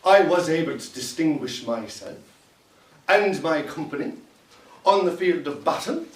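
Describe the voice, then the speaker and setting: A man's voice: high voice, sharp tone. A man playing a bitter, tipsy captain. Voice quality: sardonic, rambling, drunk. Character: bitter Irish immigrant Civil War captain, drinking alone. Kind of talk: solo stage monologue. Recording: roomy echo from far off.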